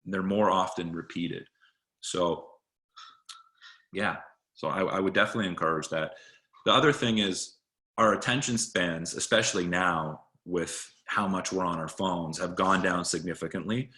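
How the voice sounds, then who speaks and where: Bright-voiced man coaching presentations. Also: sits low, moderate pace. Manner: conversational, with frequent restarts and fillers. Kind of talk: casual webinar talk.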